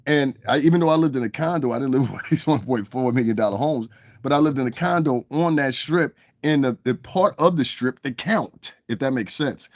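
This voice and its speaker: A man's voice: medium pitch, fairly quick, no room sound, clean studio sound. A man delivering a casual, profane monologue rant to his viewers, often asking "you understand what I'm saying" and chuckling between points. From United States. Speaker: commentary vlogger.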